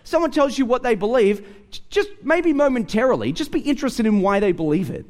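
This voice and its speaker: A high-pitched Australian man preaching in a relaxed, conversational way. He tells stories and acts out the dialogue in different voices, his pitch climbing and falling as he goes. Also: fairly quick. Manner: conversational, animated storytelling with acted-out dialogue. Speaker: pastor. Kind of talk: sermon with storytelling.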